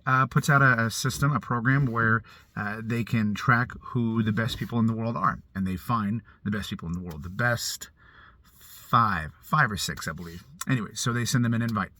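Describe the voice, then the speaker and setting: Middle-aged guy, low, dry-sounding voice, casual rambling movie review vlog. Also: sharp tone, no echo. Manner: rambling, self-correcting, chatty. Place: outside a movie theater.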